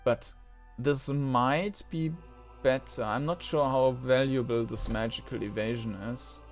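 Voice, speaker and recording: A man giving casual let's-play commentary as he plays a role-playing game. He muses and thinks aloud at an ordinary middle pitch. Soft game music plays faintly behind his voice. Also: steady tone, a little slow. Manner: musing, thinks aloud with fillers.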